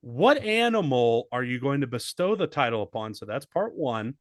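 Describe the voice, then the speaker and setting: A man's voice: medium pitch, very animated, moderate pace, no echo. A man co-hosting a casual comedy podcast, joking crudely and riffing. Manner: joking, crude, slips into mock English accent. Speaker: podcast co-host.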